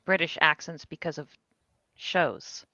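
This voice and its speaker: Bright-voiced woman on a dull call line. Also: low-pitched, moderate pace, dry recording. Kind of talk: casual group chat on a video call.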